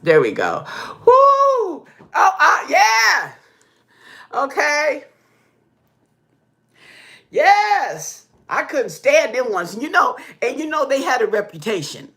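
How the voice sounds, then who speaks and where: A woman vlogger telling stories in casual chat to her viewers, animated, whooping and laughing often, checking in with "okay?" as she talks. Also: sits high, slow pace, vocal fry, pauses often. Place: indoor room with pink walls.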